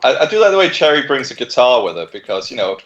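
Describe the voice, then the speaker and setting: A man in his thirties co-hosts a game livestream, talking fast in a mid-range voice over slight background noise. He tells stories animatedly, laughs often and swears freely in casual gaming chat, all captured in muffled lo-fi audio.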